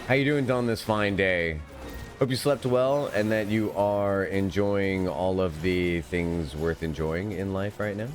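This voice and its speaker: A man with a fairly low voice streams an online game live. He chats and laughs easily with his viewers and teammates. Game music plays faintly behind him. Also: unhurried. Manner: chatty, giggly, talks to chat and teammates. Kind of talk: live gameplay commentary.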